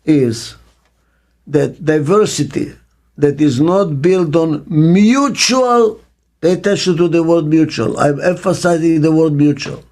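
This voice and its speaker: A man's voice: on the high side, steady tone, measured pace, mellow. An older man working as a business consultant, answering interview questions in short, emphatic sentences and asking rhetorical questions. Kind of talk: interview answer, speaking to camera.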